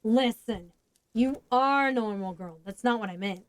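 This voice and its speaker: A woman's voice: fairly high pitch, moderate pace, dry recording, natural voice, poor audio. A woman voicing a weary, blunt grown man in a storybook reading, talking plainly.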